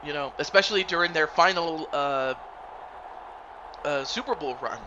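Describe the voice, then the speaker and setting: A man's voice: on the high side, moderate pace, long pauses, muffled recording, noisy background. A man streaming and commentating a football video game league, casually rambling and greeting viewers by name.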